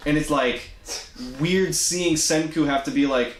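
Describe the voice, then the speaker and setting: Young male co-host, higher voice, chatty, explains things, echoey room. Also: a little slow. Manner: chatty, explaining anime plots. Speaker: podcast co-host. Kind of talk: casual chat.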